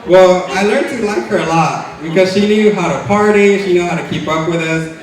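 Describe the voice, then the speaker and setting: A man's voice: high voice, normal speed, a crowd in the background. A young man in his twenties giving a chatty, joking wedding toast for his twin brother, laughing between lines. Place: large hotel banquet hall. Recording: very echoey banquet hall, distant mic.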